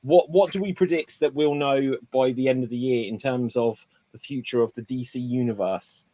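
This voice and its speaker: A man hosting a casual panel chat, talking in an animated, exclamatory way. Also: medium pitch, normal speed, no echo. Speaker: panel host.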